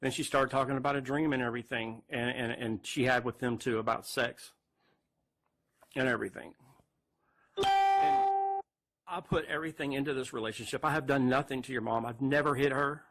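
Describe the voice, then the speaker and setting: A distraught man, speaking haltingly to camera near tears and repeating himself. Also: medium pitch, a bit bright, faint music behind. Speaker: man recording a farewell video. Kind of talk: emotional direct-to-camera confession.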